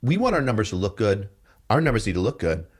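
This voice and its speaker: A man telling stories on a podcast as a guest, animated and profane, with loud outbursts when he quotes other people. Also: lowish voice, quick pace, husky. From New York. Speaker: podcast guest, police detective and drill sergeant. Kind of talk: casual storytelling.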